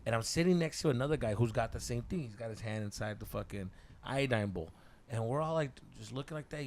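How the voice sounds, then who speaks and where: Speaking at a quick pace with a little hiss or hum behind him, this male podcast host has a medium-pitched voice. He spins a story in a loose, chatty way, cursing freely and dropping Spanish slang with animated energy.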